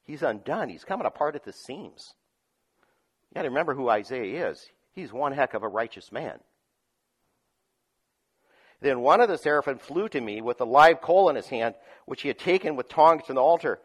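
A man preaching a sermon, reading scripture aloud and explaining it, moving between loud emphatic lines and quiet asides with frequent chuckles. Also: medium pitch, animated, moderate pace, breathy edge. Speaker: pastor.

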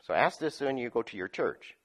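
A man preaching a sermon, reading scripture aloud and explaining it, moving between loud emphatic lines and quiet asides with frequent chuckles. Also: mid-range voice, sing-song, fairly quick. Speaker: pastor.

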